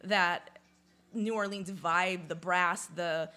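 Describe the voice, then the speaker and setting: A woman in casual conversation, telling a personal story in a lively, chatty way, with lots of "like" and some swearing. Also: lowish voice, slow pace. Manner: chatty, full of "like", swears freely; lively retelling, acts out sounds and inner voices. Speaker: podcast guest.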